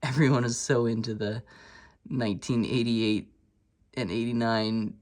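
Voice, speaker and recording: A man's voice: medium pitch, unhurried. Man, thirties, easygoing card-collecting vlogger, rambling and self-deprecating delivery. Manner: relaxed and rambling, with many fillers and restarts. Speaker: sports card collector and channel host. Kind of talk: casual storytelling vlog.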